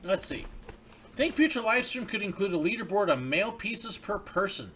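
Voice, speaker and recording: A man chats through a livestream, opening letters from viewers and reading them aloud. His voice is bright and sits a bit high, swinging lively up and down as he talks. He sounds grateful and easygoing. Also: moderate pace, slight background noise. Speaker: livestream host. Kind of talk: casual livestream chat, reading viewer mail.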